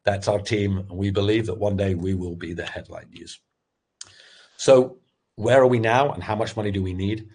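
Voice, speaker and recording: A middle-aged man giving a candid, animated webinar talk on pitching, full of restarts as he tells his story. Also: moderate pace, slightly rough. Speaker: sales expert and former startup founder.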